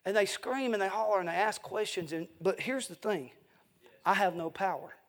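A man's voice: sits high, moderate pace, fairly bright tone. A man preaching an evening revival sermon as an evangelist in a church, fervent and emphatic, with folksy asides.

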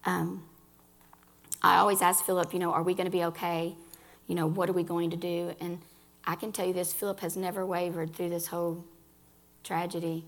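An earnest woman gives a personal faith testimony to a gathering of women, speaking right to them. Her voice carries a gravelly fry, and she restarts phrases as she talks. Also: fairly low pitch, little pitch movement, moderate pace, pauses often. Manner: earnest, addresses listeners directly, restarts phrases.

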